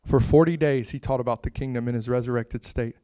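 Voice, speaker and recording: A man preaching a sermon with impassioned delivery that swells to loud, emphatic peaks and drops to soft, hushed lines. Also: medium pitch, steady tone, fairly quick, dry recording, studio quality.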